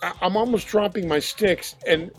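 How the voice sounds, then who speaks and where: An older man, a band drummer, telling animated stories and acting out voices and drum sounds as a podcast guest. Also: sits high, normal speed, soft background music. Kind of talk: casual storytelling.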